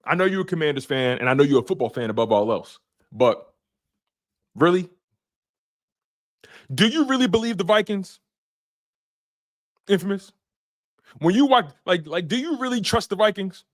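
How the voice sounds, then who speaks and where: Lively high-voiced man hosting a sports stream. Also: moderate pace, pauses often. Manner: animated, teasing chat readers by name. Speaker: sports podcast host. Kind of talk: casual live stream talk.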